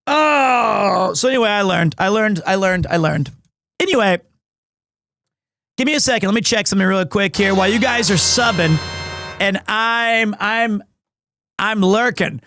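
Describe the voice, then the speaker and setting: This high-pitched man is live-streaming from home, chatting casually with viewers in a rambling, excitable, self-deprecating way. The audio is clean studio sound with no room sound.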